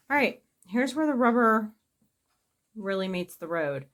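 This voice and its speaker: A woman's voice: medium pitch, expressive, a little slow, pauses often. A middle-aged woman chatting casually through a makeup tutorial. She is blunt, swears freely and pokes fun at herself. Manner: blunt, profane, self-mocking. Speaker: makeup vlogger.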